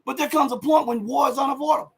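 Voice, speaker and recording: A man hosting live political commentary, speaking in an impassioned, rhetorical way, repeating phrases for emphasis and rising toward shouts on key points. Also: extremely high pitch, fairly even intonation, fast, gravelly.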